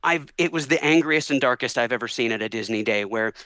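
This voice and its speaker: A man telling a long story as a podcast guest in a casual, animated way, acting out the people he quotes. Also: mid-range voice, quick pace, no room sound, rough recording. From Orlando, Florida area. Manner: animated, acts out voices in quotes.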